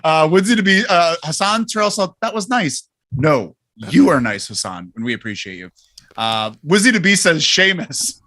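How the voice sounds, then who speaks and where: A young man co-hosts a casual podcast. His voice sits a bit high and sounds bright. He laughs easily while reading out listener messages. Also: very animated, moderate pace, dry recording. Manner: reads listener comments aloud, laughs often. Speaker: podcast co-host. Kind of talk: casual chat.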